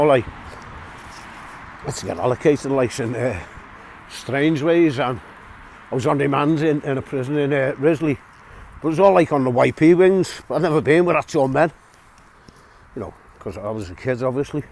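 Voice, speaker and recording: A man's voice: fairly high pitch, slight background noise. A middle-aged man from England telling a long personal story in a rambling, chatty way, full of restarts and chuckles. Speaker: vlogger telling prison stories. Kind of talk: casual storytelling. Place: outdoors, walking a dog.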